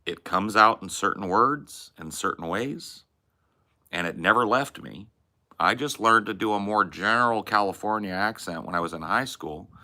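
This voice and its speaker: A man with a Texan accent chatting casually as a podcast host, candid and rambling. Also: fairly low pitch. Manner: candid, rambling, relaxed drawl. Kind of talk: casual chat.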